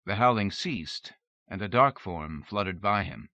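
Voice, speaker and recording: Man, audiobook narrator, measured reading, forceful bright voice, dry close recording. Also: on the low side, expressive, dry recording. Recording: dull dry lo-fi tape recording.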